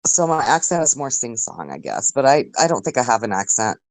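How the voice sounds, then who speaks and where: Rambling, lively-voiced woman from Germany. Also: a bass voice, brisk, no room sound. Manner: chatty, rambling, full of likes and you knows. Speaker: voice chat participant. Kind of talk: casual group voice chat. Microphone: online voice chat mic.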